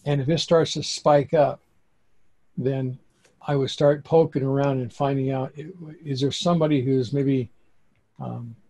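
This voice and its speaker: A man who is a construction accounting expert, talking in an animated interview and telling stories with dramatic bursts of emphasis. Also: medium pitch, measured pace.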